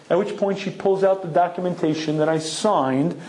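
A man teaching a Torah lecture and telling a personal story, emphatic and repeating phrases for effect, with frequent throat clearing. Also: high voice, moderate pace, a little mellow, low-quality recording. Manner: keeps clearing his throat.

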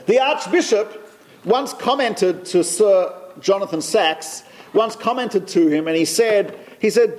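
High-voiced man telling a story. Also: animated, unhurried, a little mellow. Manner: storytelling, repeats phrases for emphasis. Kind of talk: anecdotal talk to a congregation.

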